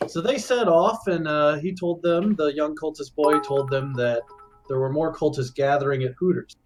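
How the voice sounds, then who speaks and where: A man's voice: fairly high pitch, normal speed, soft background music. A man acting as game master, recapping a tabletop game in a rambling way with frequent laughter.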